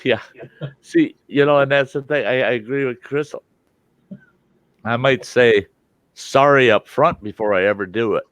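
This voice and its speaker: A man's voice: medium pitch, moderate pace, long pauses, a bit bright, smooth, no room sound. An older man hosting a live chat, telling folksy stories with lots of laughs. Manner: folksy storyteller, laughs a lot. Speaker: livestream host. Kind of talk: casual chat.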